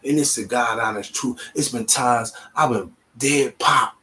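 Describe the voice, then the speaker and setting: Animated bright-voiced man telling a story. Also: medium pitch, measured pace. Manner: animated, swearing, street slang. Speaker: vlogger. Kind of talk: casual storytelling monologue.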